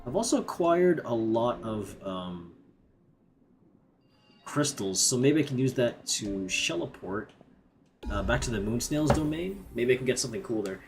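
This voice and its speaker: A man from Canada talks casually over his gameplay, joking at his own expense and filling gaps with ums and likes. His pitch jumps around a lot as he reacts. Soft game music plays behind him. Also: expressive, a little slow. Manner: chatty, self-mocking, lots of fillers. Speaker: streamer. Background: faint game music.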